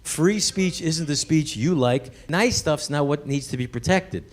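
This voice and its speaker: A man's voice: fairly high pitch, a little slow, big-room sound. A male stand-up comedian doing a wry, mocking set live on stage. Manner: wry, mocking, puts on voices for jokes. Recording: live club recording with loud crowd noise.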